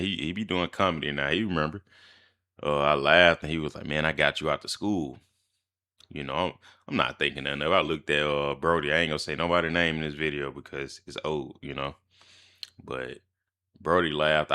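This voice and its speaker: Very deep-voiced man telling a story. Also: clear, resonant tone. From Mississippi, US. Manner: slangy, animated storytelling with laughs. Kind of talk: storytime vlog.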